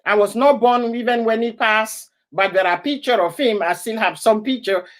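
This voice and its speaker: A woman's voice: a little high, normal speed. A woman from Ivory Coast hosting a casual live stream, often laughing and greeting viewers by name. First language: an Ivorian language.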